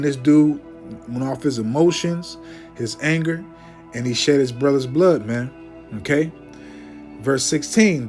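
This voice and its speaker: A man's voice: medium pitch, darkish tone. Emphatic preaching man. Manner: emphatic, preachy, peppers talk with "man" and "okay?"; reads Bible verses aloud in a slower, declaiming voice. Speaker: Bible teacher. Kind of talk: informal scripture teaching.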